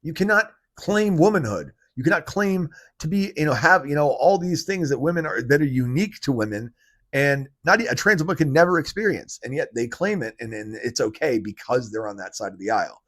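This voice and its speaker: A man hosting his own political commentary vlog, talking in an animated rant that is full of fillers and restarts. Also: fairly high pitch, brisk. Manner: animated ranting, heavy fillers. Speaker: channel host.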